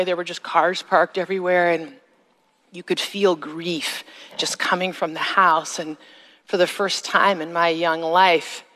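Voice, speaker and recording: Woman preaching a testimony in a reverberant hall. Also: a bit bright. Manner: slow, emphatic phrasing, rising to a high cry in re-enacted moments. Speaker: speaker giving a testimony. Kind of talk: sermon-style personal testimony. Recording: long reverb of a large hall.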